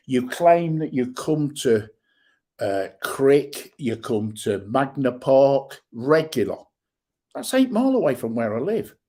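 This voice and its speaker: A middle-aged man, hosting a livestream and ranting bluntly with heavy swearing and shouted bursts. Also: medium pitch, slightly rough. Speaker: livestream host. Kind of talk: angry livestream rant.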